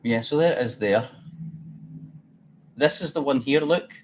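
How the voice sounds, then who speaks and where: A man's voice: mid-range voice, measured pace, slight background noise. A man hosting a live trading stream, chatty and blunt, thinking aloud as he works. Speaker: trading livestream host. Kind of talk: casual live trading commentary.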